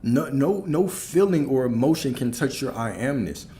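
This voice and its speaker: A man's voice: medium pitch, lively intonation, normal speed, warm tone, slight background noise. A man giving a spiritual talk as a coach, preaching emphatically, repeating key phrases and asking rhetorical questions.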